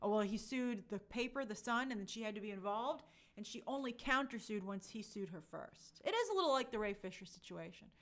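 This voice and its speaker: A livestream host speaks in a mid-range voice, fairly quickly and with hardly any pauses, as she chats casually about entertainment news. She's animated, reading viewer comments aloud and jumping into put-on quotes.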